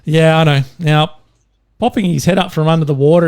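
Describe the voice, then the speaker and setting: A man's voice: a little high, fairly even intonation, a little fast, darkish tone. Jokey Australian man telling dad jokes. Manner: jokey, rambling with fillers. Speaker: podcast co-host.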